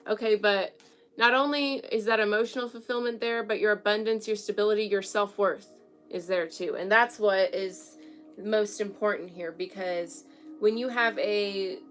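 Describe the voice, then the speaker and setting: A woman's voice: medium pitch, a bit bright. Young woman doing a tarot reading at home, chatty, swears a bit, keeps asking okay?, faint music underneath. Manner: frank, swears casually. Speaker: tarot reader. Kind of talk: casual tarot reading video. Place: home room with an altar.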